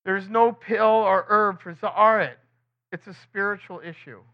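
A high-voiced Bible teacher gives a relaxed, conversational sermon, frequently asking his listeners rhetorical questions. He breaks into quick acted voices for the people in his stories, and the audio is dull and lo-fi.

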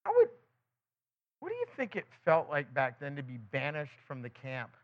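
A man giving a conversational sermon as a Bible teacher. He keeps asking the listeners rhetorical questions and breaks into quick acted quotes of other people. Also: a little high, wildly swooping pitch. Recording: dull lo-fi recording.

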